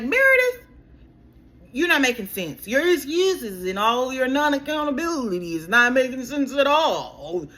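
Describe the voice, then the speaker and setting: A woman recapping a reality show in a casual, exasperated way, talking straight to the cast and calling them girl. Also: fairly high pitch. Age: adult. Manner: animated, exasperated, talks straight to the cast, keeps saying girl.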